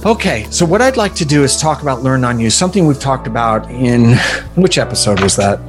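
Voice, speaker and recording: A man hosting a podcast, telling stories in a casual, animated way and swearing now and then. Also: medium pitch, brisk, music in the background. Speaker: podcast host. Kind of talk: casual chat.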